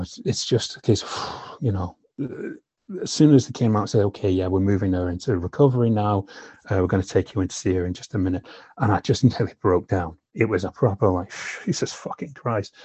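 Husky low-voiced man, raw candid storytelling. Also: quick pace, dark tone, no echo. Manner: emotional, swears often, frequent "you know". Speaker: filmmaker guest. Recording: slightly dull lo-fi recording.

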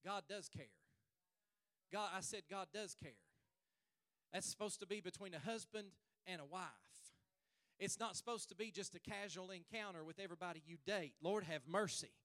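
A male pastor preaching a fervent sermon at a church service, stretching his phrases and rising to shouts. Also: sits high, normal speed, no echo.

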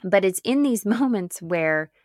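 A woman pastor and speaker giving an earnest, reflective talk, stressing repeated phrases with slow pauses. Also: medium pitch, expressive, a little mellow, no echo, studio quality. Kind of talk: reflective spoken talk on grief.

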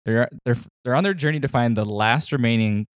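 A man's voice: medium pitch, brisk, dry recording, clean studio sound. A man co-hosting a podcast, telling stories casually with plenty of laughter and swearing. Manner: animated storyteller, laughs often, swears freely. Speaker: podcast co-host. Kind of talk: casual chat.

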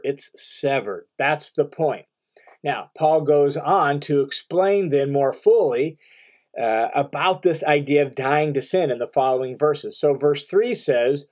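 A man's voice: a little high, a little mellow. A man teaching verse by verse through a Bible passage, earnest and explanatory, repeating key points for emphasis.

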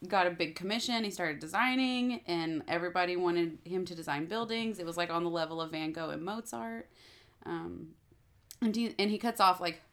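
A woman with a fairly low, slightly bright voice co-hosts a podcast, casually recapping a TV episode. She rambles with plenty of fillers and acts out the characters' lines in quotes.

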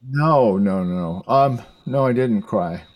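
An older man telling a story in casual chat, halting and rambling, with some swearing. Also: fairly low pitch, expressive, darkish tone, no echo.

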